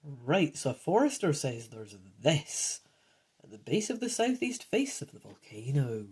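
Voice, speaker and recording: A woman's voice: deep voice, big pitch swings, unhurried, darkish tone, slightly rough. A woman reading a gamebook aloud and chatting casually, often sidetracking and correcting herself. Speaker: gamebook player and reader. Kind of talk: casual playthrough narration.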